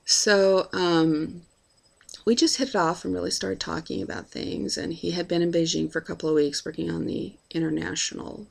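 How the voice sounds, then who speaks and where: A woman's voice: on the low side, fairly even intonation, moderate pace, vocal fry. A woman casually telling a personal travel story, chatty and full of fillers as she acts out bits of dialogue.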